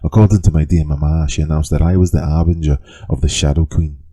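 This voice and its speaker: A man's voice: rumbling low, steady tone, fast, warm tone, slightly rough. A man voicing a young male kender sorcerer who tells his strange backstory in a Liverpool accent, wry and chatty. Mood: wry storytelling. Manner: wry, storytelling.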